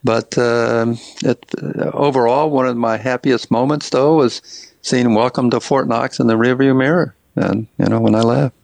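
An older man from Tennessee, an author guest, telling stories in a halting, casual way with many fillers and restarts. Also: mid-range voice, fairly even intonation, gravelly, a little mellow, dry recording. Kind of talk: casual interview storytelling.

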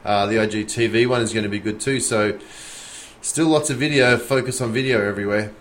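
An Australian man co-hosting a podcast in casual chat, enthusiastic and animated, talking in quick bursts. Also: on the low side. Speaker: podcast co-host.

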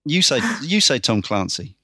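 A man hosting a casual podcast, briskly reeling off a list with dry little asides. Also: medium pitch, sing-song, bright, forceful tone, slightly rough, no echo. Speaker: podcast host.

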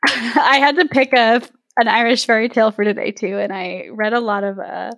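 A woman's voice: fairly high pitch, steady tone, moderate pace, a bit bright, no echo, studio quality. A woman co-hosting a podcast in casual chat, enthusiastic and laughing, with casual swearing. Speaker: podcast co-host, listener.

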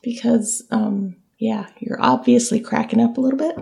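A woman's voice: fairly high pitch, moderate pace, creaky, dark tone. A woman co-hosting a podcast in casual chat, playful and teasing. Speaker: podcast co-host.

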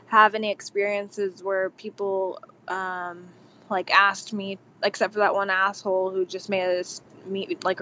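A woman's voice: mid-range voice, a bit bright. A woman hosts a casual chat, reacting bluntly and hesitating over her own story. Her sound is dull and lo-fi, with a faint hiss behind it.

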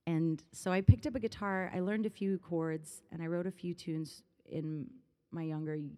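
A woman's voice: lowish voice, fairly even intonation, normal speed, a little mellow. A woman musician in her thirties in a casual interview, chatting animatedly, often laughing and rambling through stories. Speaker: musician guest.

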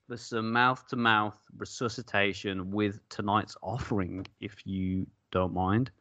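A man's voice: lowish voice, steady tone, measured pace, few pauses, bright, forceful tone, no room sound, muffled recording. A man co-hosting a casual beer-tasting podcast, jokey and rambling, laughing often. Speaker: podcast co-host.

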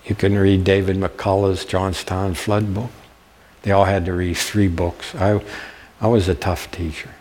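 A man's voice: low-pitched, level tone, a little slow, darkish tone. An older man giving a public history lecture with slides, telling stories folksily and often checking in with his audience. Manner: folksy storyteller, checks in with "okay?". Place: warm lecture room.

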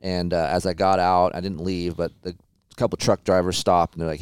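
A man with a low, smooth voice tells a story in an easygoing, profane way. The sound is close and dry, with no room around it. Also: flat delivery, a little fast, dry recording. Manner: laid-back storytelling with frequent swearing. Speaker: podcast host. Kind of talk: casual chat.

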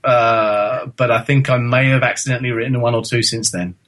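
A man guesting on a podcast answers in a measured, polite way with a dry wit. His voice sits at an ordinary pitch. He speaks calmly. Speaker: guest, novelist. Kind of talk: podcast interview.

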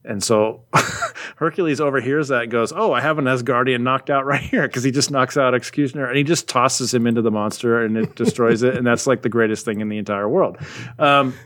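Man casually recapping a comic. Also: medium pitch. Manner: rambling, animated retelling with quick voices for characters. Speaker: podcast co-host recapping a comic. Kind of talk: casual chat.

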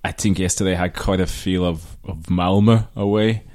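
A man with a low voice talks through the match on a podcast panel. He is measured and analytical, and calmly weighs the result against the bigger picture. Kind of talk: casual football chat.

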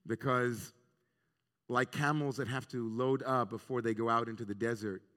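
A rabbi gives an earnest, reflective sermon on the weekly Torah portion, weaving in Hebrew terms. His voice is medium-pitched and a bit bright, carried by the long reverb of a large hall.

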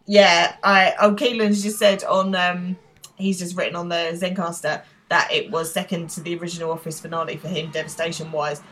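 A woman's voice: fairly low pitch, flat delivery, normal speed, a bit bright, low-quality recording. A married woman co-hosting a podcast, chatting casually and animatedly, laughing and swearing now and then. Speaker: podcast co-host. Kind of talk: casual chat.

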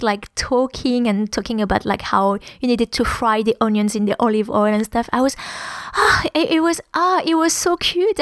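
A woman's voice: on the high side, no echo. A woman whose first language is French, speaking English with a French accent, giving conversational advice about language learning with many ums and restarts.

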